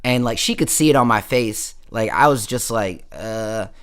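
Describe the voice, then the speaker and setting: A man's voice: mid-range voice, moderate pace, a bit bright. A man hosting a casual late-night stream, telling a story in a slangy, rambling way, full of fillers and asides. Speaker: livestream host.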